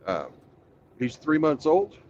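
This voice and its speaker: A man's voice: on the high side, big pitch swings, slow, a little mellow. A man chatting casually on his stream through a headset. He sounds laid-back and matter-of-fact and swears in passing. The audio is a bit muffled, with faint noise behind him. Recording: dull, slightly noisy stream audio.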